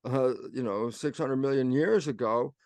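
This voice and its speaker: Older man, conversational explainer, plays both sides of imagined back-and-forths, average pitch, no room sound. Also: normal speed, no room sound. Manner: animated storyteller acting out both sides of imagined exchanges. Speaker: guest.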